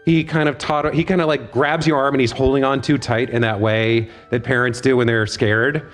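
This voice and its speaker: A man's voice: mid-range voice, fairly even intonation, normal speed, soft background music. A man narrating a tabletop game as game master in a loose, conversational way.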